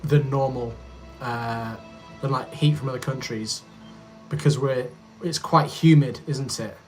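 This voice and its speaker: This is a Yorkshire man in his thirties with a mid-range, somewhat dark voice and a measured pace, backed by soft music. While editing on a casual livestream, he reads comments and rambles pleasantly, his attention drifting easily.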